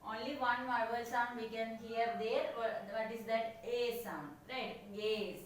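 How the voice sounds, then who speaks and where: A woman teaches a lesson at an unhurried pace, saying each word several times. Her voice sits slightly high. She is heard from a distance in a very echoey room with faint background noise. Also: fairly even intonation. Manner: slow, repeats each word many times. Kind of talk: classroom lesson on syllables.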